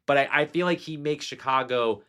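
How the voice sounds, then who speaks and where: A man of ordinary pitch chats about movies as a podcast host. He talks with eager enthusiasm, circling back on himself with fillers and restarts, and sounds relaxed. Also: fairly quick, clean tone. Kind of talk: casual film discussion.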